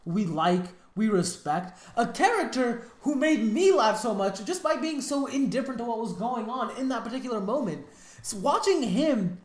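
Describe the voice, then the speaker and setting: Animated woman ranting in an echoey room. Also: medium pitch. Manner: animated, exasperated, talks in restarts and slang. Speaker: reaction channel host. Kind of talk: casual reaction commentary. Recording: roomy echo.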